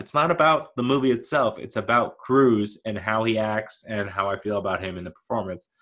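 A man in his thirties rambles through a casual solo monologue with a somewhat low voice. He is gently self-deprecating and keeps laughing at himself. He stays mild and never raises his voice. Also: normal speed, hardly any pauses. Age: 30s. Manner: mild-mannered, never yells.

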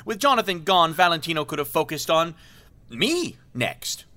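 A man's voice: fairly high pitch, very animated, moderate pace, pushed and bright. An actor playing a pompous, self-serving male villain who talks in florid, mannered speech and laughs theatrically in an audio drama. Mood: scheming.

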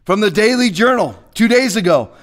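Male pastor, high voice, fiery confrontational preaching, loud bursts and hushed asides. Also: lively intonation, normal speed. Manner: confrontational, swings between shouting and hushed asides.

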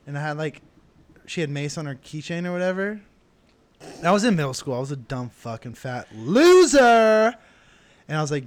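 A man's voice: a little high, very animated, moderate pace. Laughing young man telling stories. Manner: laughing often, acts out voices in stories. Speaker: podcast co-host. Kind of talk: casual storytelling chat.

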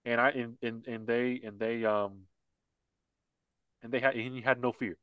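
A man's voice: mid-range voice, steady tone, moderate pace, clean tone, dry recording, dull audio. Heated man ranting on a podcast. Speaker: podcast co-host. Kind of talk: casual political podcast chat.

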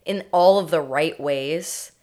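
A woman's voice: low voice, takes it slowly, dark tone. Woman co-host chiming in with quips. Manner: laughs often, chimes in with short quips. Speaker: podcast co-host. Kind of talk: casual comedic chat.

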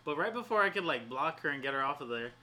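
A man's voice: fairly high pitch, fast. A man in his twenties, co-hosting a casual podcast chat, telling stories animatedly and swearing freely. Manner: animated storyteller, swears freely, acts out quotes. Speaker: podcast co-host.

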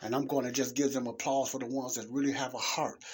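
A man's voice: mid-range voice, little pitch movement, fast talker, darkish tone, slightly rough. A man preaching in an informal podcast monologue, earnest and emphatic, repeating key phrases for stress.

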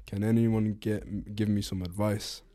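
A young man, a podcast co-host, reading a post aloud in a steady, plain voice. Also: on the low side, measured pace, dry recording, clean studio sound.

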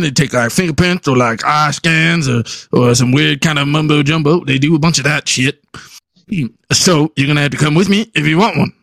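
A man plays his character in a stern, folksy drawl. His voice is gravelly and mid-pitched, recorded dry and close. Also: fairly bright tone, no echo. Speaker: player. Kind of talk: in-character tabletop play.

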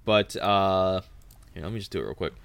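A man's voice: low voice, moderate pace, creaky, noisy background. A man from Texas co-hosting a podcast, summarizing a book casually, easygoing, with stammering restarts. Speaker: podcast co-host.

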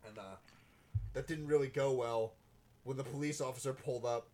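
Man, podcast host, casual chat, profane, joking, mid pitch. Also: fairly even intonation, normal speed, darkish tone. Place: podcast studio.

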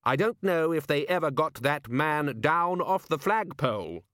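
A man voicing a calm, drily ironic male ruler in an audiobook. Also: a little high, a little slow, dry recording, studio quality, voice pushed up. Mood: dry. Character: calm, dry-witted male city ruler in disguise.

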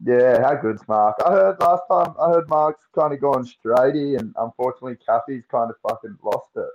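A man's voice: medium pitch, normal speed, highs cut off. A young Australian man chatting as a podcast guest, swearing freely and telling slangy stories. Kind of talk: casual chat.

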